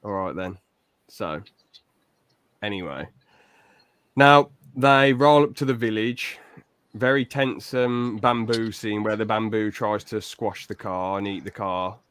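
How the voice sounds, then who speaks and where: Bright-voiced man recapping a film. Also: lowish voice, slow, long pauses, smooth, dry recording. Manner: jokey, playacts outrage. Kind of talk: casual chat recapping a film.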